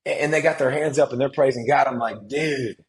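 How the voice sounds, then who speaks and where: A man, telling stories as a podcast guest, emphatic and animated, often restarting his sentences. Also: medium pitch, fast talker, low-quality recording. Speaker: guest, former football player and analyst. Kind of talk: casual podcast conversation.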